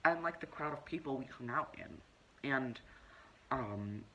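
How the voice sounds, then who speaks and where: This comedic monologue has a man voicing a preachy, self-righteous young woman who recounts her story in a lecturing, pompous way. His pitch is medium and his pace unhurried, and the indignant, deadpan self-importance comes through lo-fi audio with slight hiss or hum.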